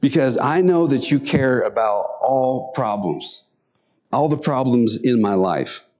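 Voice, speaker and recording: A man preaching a sermon in an earnest, conversational way, often speeding up and slowing down. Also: mid-range voice, lively intonation. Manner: tells stories and acts out quotes.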